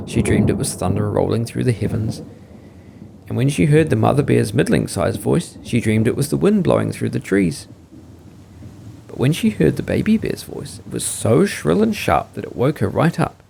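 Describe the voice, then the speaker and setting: A man reads a bedtime fairy tale in a warm storyteller's way, his voice lifting and dipping in a sing-song pattern. There's a strong gravelly fry in his voice. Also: medium pitch, lively intonation, normal speed, a little hiss or hum. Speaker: storyteller, podcast host.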